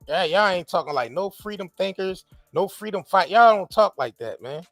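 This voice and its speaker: A man hosting a podcast, talking in a casual, profane, animated way with many restarts. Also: high-pitched, moderate pace, no room sound, faint music behind. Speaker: podcast host. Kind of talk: casual chat.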